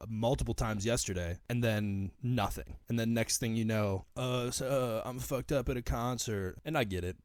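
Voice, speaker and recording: A man's voice: lowish voice, no echo, clean studio sound. A young man hosting his own podcast, talking alone in a casual, profane, ranting way. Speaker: podcast host. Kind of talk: solo podcast monologue.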